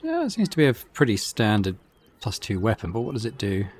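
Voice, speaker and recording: A man's voice: fairly low pitch, huge pitch swings, brisk, darkish tone. A man casually commenting on his video game play, musing aloud and reading item descriptions. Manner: laid-back, musing, reads item text aloud. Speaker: gaming channel host. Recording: game audio with faint music.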